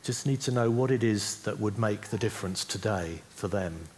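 A man with a lowish voice gives a relaxed church teaching on healing prayer. He talks conversationally and keeps checking that listeners follow with a quick "yeah?". A faint hum sits behind him. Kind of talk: teaching talk to a church group.

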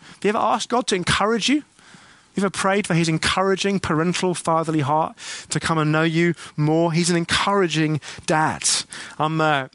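A middle-aged man delivers a sermon in an earnest, conversational way, asking his congregation questions as he goes. His voice sits fairly high for a man, and the sound is close and dry. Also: a bit bright, no room sound. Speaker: preacher.

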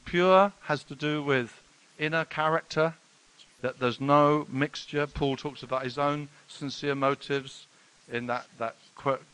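A middle-aged man preaching a sermon, telling stories with sudden loud exclamations and hushed, earnest passages. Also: medium pitch, low-quality recording. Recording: faint hiss.

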